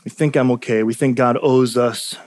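A man's voice: mid-range voice, fairly even intonation, normal speed, darkish tone. A male pastor preaching a sermon, telling personal stories earnestly and repeating lines for emphasis.

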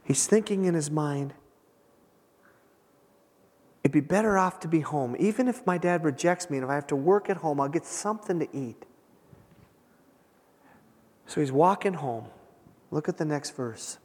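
A man preaching a sermon, retelling a scripture story with dramatic pauses and emphasis. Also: a little high, animated, a little mellow. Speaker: pastor. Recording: long hall reverb.

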